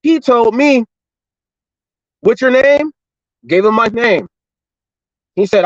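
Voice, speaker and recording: A middle-aged man with a fairly high voice tells a story in an animated, repetitive way, acting out both sides of a conversation. The sound is dry and slightly dull, with no room echo. He talks casually, like a driver and show host talking to his regular viewers. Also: takes it slowly, long pauses. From Los Angeles and Orange County, California. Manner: animated, repetitive retelling with quoted dialogue.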